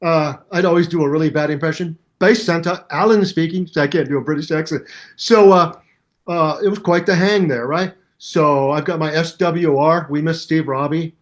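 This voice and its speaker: An older man, a bass teacher, telling stories in a casual interview and scatting bass lines aloud to show exercises. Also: normal speed. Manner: animated storyteller who scats bass lines aloud. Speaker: bass teacher and musician guest.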